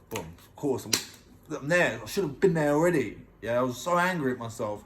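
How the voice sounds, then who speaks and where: A man's voice: mid-range voice, lively intonation, brisk, slight background noise. A man earnestly telling his own story in a casual vlog, emphatic and often checking in with the listener.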